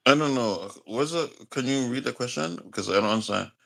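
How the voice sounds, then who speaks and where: A man's voice: mid-range voice, brisk, gravelly, a bit bright. Man arguing defensively and rambling. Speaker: debate guest. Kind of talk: heated online debate.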